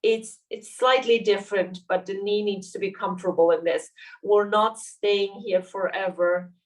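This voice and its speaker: A woman leading a yoga class, calmly cueing poses and breaths step by step. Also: mid-range voice, moderate pace, distant mic, rough recording. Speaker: yoga teacher. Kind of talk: guided yoga class instruction.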